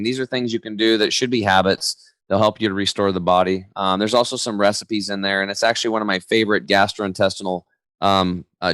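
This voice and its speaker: A man's voice: low voice, no echo. A man in his forties, a podcast guest and health coach, chatting casually and acting out quotes as he tells stories. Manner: energetic storyteller, slangy, acts out quotes. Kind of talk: casual interview chat.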